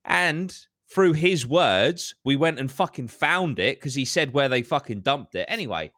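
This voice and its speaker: A man's voice: mid-range voice, animated, unhurried, few pauses, fairly bright tone, dry recording, clean studio sound. A man, hosting a podcast and telling a story in casual chat, swearing heavily and ranting with animation. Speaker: podcast host.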